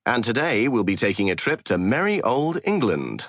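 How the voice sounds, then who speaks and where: A man reads an audiobook, voicing a casual, joking male true crime podcast host in a mid-range, fairly bright voice pitched above his own. He's very animated at a moderate pace, recorded dry with clean studio sound.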